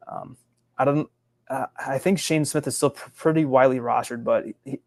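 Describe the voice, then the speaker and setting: A man guesting on a fantasy baseball podcast, talking in an easygoing, halting way. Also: medium pitch, steady tone, gravelly, a little mellow, no echo, clean studio sound. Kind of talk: casual fantasy baseball chat.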